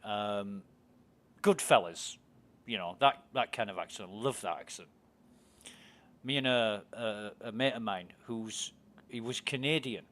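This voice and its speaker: A man's voice: fairly low pitch, unhurried, a bit bright. An English man with an English accent, chatting casually and telling rambling stories while streaming a game. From England. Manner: chatty, rambling storyteller, swears freely, laughs easily. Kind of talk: casual chat while gaming.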